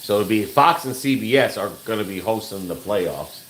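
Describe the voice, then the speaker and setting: A man co-hosting a casual home livestream, explaining things slowly with halting fillers while reading out viewer comments. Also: lowish voice, expressive, fairly bright tone, slight background noise. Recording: echoey room.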